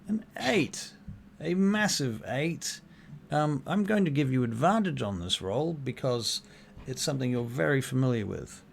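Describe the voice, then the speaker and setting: A man's voice: mid-range voice, lively intonation, a little slow, creaky, slight background noise. A man narrating as game master of a tabletop game, hesitant and thoughtful. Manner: thoughtful narration with many fillers and restarts.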